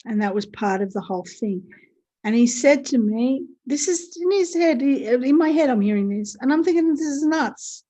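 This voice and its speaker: A woman guest speaking over a video call, telling a story in animated conversation and acting out what others said. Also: on the high side, moderate pace. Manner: lively, reenacts others' speech in quotes.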